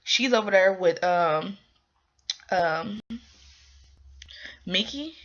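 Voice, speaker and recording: A woman's voice: mid-range voice, extremely slow. A young woman casually recapping a drama episode, rambling with lots of ums and likes. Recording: dull lo-fi recording.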